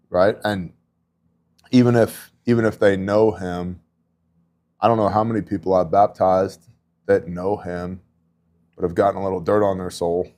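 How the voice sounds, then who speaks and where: On the low side with a dark tone, a middle-aged man talks faith casually on his podcast. He's a disaster relief volunteer sharing relief-work stories in an earnest, conversational way, with many asides.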